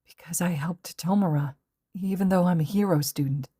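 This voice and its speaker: A woman's voice: fairly low pitch, moderate pace, dark tone, slightly rough. A woman voicing a frightened, tearful seven-year-old boy who pleads in a small voice, read as a fan audiobook. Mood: fearful.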